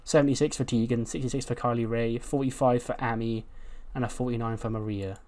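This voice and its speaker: Casual guy narrating his wrestling sim run, swears a lot, mid pitch. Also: fairly even intonation, brisk, darkish tone. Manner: chatty, sweary, acts out scenes. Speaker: game video host. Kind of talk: casual playthrough commentary.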